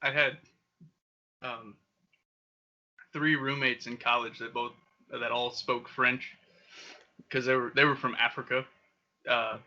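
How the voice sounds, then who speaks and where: A man's voice: medium pitch, pushed and bright, muffled recording. A young man co-hosting a casual podcast, telling crude stories and laughing often. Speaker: podcast co-host. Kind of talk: casual chat. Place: Okinawa.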